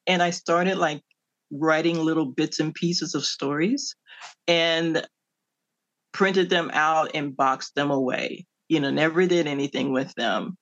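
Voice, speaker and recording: A middle-aged woman from the Midwestern United States, an author answering interview questions in an animated storytelling way, laughing often. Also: low voice, a little slow. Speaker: author guest. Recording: dull lo-fi audio.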